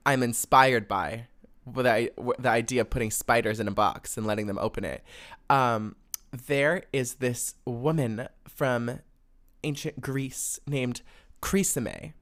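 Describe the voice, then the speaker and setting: A man's voice: medium pitch, fairly bright tone. Young male podcast host, irritated venting monologue with lots of swearing and filler. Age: young adult. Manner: exasperated, swears freely, rambling with fillers. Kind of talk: casual solo podcast rant.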